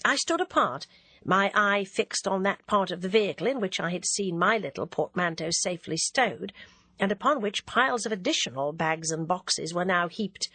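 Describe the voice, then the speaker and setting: A woman narrating a classic novel as an audiobook reader, in a measured, even way. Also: mid-range voice, slightly rough, no room sound.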